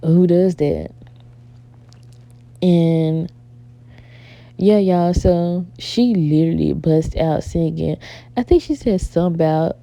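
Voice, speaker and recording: Gravelly low-voiced woman vlogger chatting. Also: measured pace, no echo, highs cut off. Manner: animated, exasperated storytelling, addresses viewers as y'all. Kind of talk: casual storytime chat.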